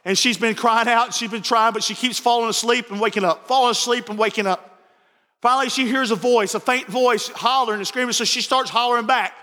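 A man preaching a sermon as pastor, telling stories and moving between quiet asides and raised fervor. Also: very high voice, fairly even intonation, a little fast. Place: church sanctuary. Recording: church sanctuary with long reverb.

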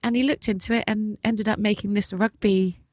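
A woman's voice: mid-range voice, fairly even intonation, fairly quick, a little mellow, no room sound, studio quality. A woman hosting a casual chat, reacting to her guest and telling anecdotes of her own. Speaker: host.

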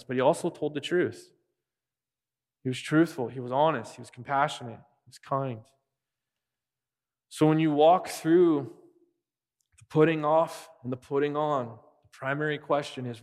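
A man's voice: mid-range voice, steady tone, moderate pace, pauses often. A man preaching a sermon as pastor, earnest and repeating key phrases for emphasis. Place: church sanctuary. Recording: long reverb of a large hall.

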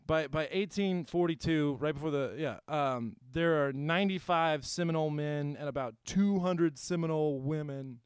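Young man, comedy podcast co-host, rambling storyteller, smooth clear voice, dry close sound. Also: a little high, moderate pace, few pauses, no room sound. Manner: rambling with many fillers and restarts. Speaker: podcast co-host telling the history. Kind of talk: casual comedic chat. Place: Houston.

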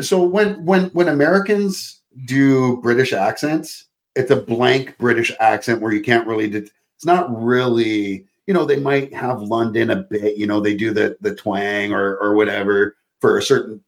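A Canadian actor guesting on a podcast speaks in a mid-range voice at a moderate pace. He's an animated storyteller in casual chat, swearing freely and putting on accents.

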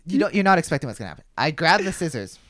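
A man's voice: a little high, sing-song, very fast, crowd noise. A young man hosting a podcast, telling a story in casual chat, rambling, swearing freely and filling with "like". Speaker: podcast host.

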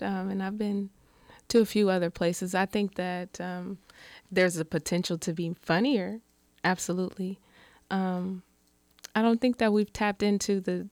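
A middle-aged woman in a casual panel chat, telling stories with loud, animated outbursts. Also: medium pitch, no room sound. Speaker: panel guest.

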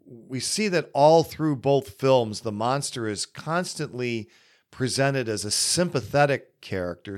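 A man hosting a podcast, giving casual solo film commentary in an unhurried, musing way with many pauses. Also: mid-range voice. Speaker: podcast host.

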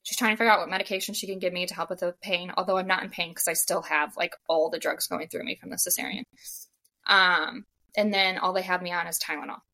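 A young woman recounts her story in relaxed podcast conversation. Her voice is bright, and she talks in an animated way, slipping into the voices of the people she quotes and filling gaps with "like.". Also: fairly low pitch, fast talker. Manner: animated, acts out quoted dialogue, frequent "like". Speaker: podcast guest. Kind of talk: casual storytelling.

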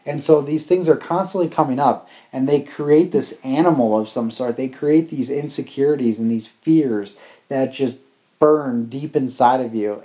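A man earnestly recounting lessons from a ceremony, in a halting, reflective conversational way. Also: medium pitch, warm tone. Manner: earnest, halting with fillers and restarts. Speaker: travel vlogger.

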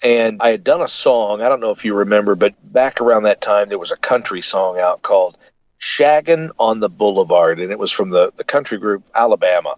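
A man's voice: lowish voice, a little fast, no echo. Middle-aged radio guy telling stories in an interview, acts out all the voices, dry dull sound. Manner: animated, acts out voices in his anecdotes. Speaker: radio host and voice actor. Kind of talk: casual interview storytelling.

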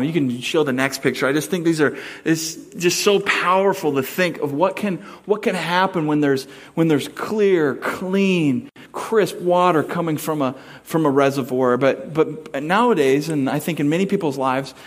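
A man's voice: fairly high pitch, moderate pace. A middle-aged man preaching a sermon, telling a personal story with acted-out voices and sound effects. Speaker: pastor.

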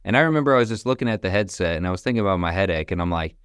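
Young man, very deep voice, laid-back storyteller, casual slang, dry close mic. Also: racing, clear, resonant tone, dry recording. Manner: relaxed, chatty, says "man" and "bro", laughs between stories. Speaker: guest, company founder.

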